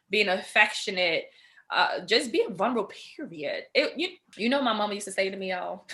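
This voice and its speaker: Woman host in her thirties, bright clear voice, loose and animated, laughs through her stories. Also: medium pitch. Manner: laughs often, animated storytelling with slang. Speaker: podcast host. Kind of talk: casual chat.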